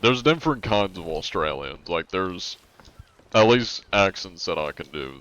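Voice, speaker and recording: Deep-voiced man streaming casually. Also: normal speed, dull audio. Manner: relaxed, rambling, swears casually. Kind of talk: casual live-stream chat while gaming.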